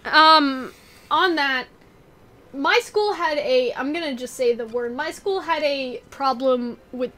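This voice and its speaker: A woman's voice: high-pitched, takes it slowly, bright, forceful tone. A woman host losing her voice, casually rambling through an analysis and asking 'you know what I mean' over and over.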